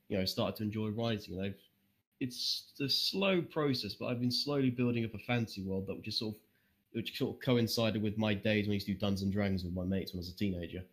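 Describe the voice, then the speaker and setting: A young man chatting as a podcast guest, rambling and swearing freely, with self-deprecating jokes. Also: lowish voice. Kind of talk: casual interview chat.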